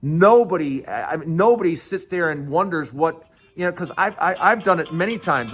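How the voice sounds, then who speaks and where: A man's voice: fairly high pitch, expressive, normal speed, hardly any pauses, a bit bright, soft background music. A man hosting a solo political commentary show, talking earnestly and repeating words for emphasis.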